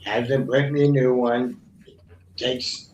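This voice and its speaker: A man's voice: medium pitch, little pitch movement, slow, darkish tone. A man hosting a casual panel chat, rambling and exasperated as he tells a story. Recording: roomy with background noise.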